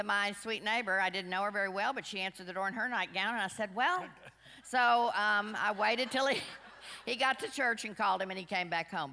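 Low-voiced woman, chatty and rambling. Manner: rambling, chatty, self-deprecating, animated anecdotes. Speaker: women's class speaker. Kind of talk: storytelling talk to a group. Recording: long hall reverb.

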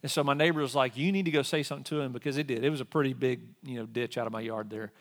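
A man's voice: mid-range voice, fairly even intonation, rapid-fire. A man in his forties, a pastor telling a personal story in a sermon and acting out both sides of an argument. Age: 40s.

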